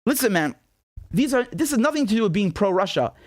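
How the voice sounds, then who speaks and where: A man's voice: sits high, big pitch swings, fast talker, dry recording, clean studio sound. A man from Britain delivering indignant solo political commentary, incredulous and repeating himself, often restarting sentences.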